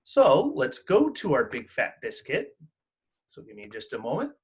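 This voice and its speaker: A man teaches an online music class for children in a husky, mid-range voice, speaking a little slowly. He is animated and encouraging, and sings call-and-response songs for the kids to echo.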